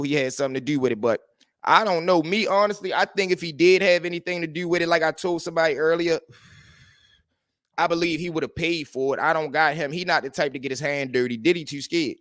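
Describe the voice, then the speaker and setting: A man hosts a livestream, telling street stories and commenting in a lively, repetitive street-talk manner. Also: fairly high pitch, quick pace, no echo, studio quality. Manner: animated street talk, repeating phrases. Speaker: host.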